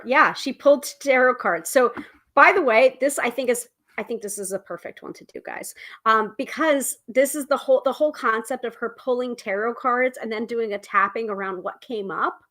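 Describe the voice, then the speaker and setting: Bright-voiced chatty woman host. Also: on the high side. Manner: rambling, chatty, self-interrupting. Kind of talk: casual livestream chat.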